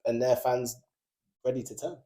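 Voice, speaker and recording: A young man hosting a casual football podcast, animated and laughing often as he talks. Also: medium pitch, moderate pace. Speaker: podcast host.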